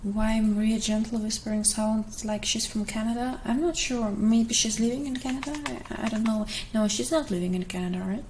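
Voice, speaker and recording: A young woman with a German accent and Russian as her first language, soft and hesitant in a whispered ASMR Q&A. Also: fairly high pitch, slight background noise, low-quality recording. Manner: soft, hesitant, many pauses. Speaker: ASMR creator.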